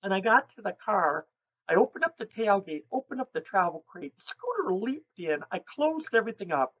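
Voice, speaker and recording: A woman raptor educator telling lively stories and mimicking bird calls as she explains owl behavior. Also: medium pitch, moderate pace, muffled recording. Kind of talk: educational storytelling.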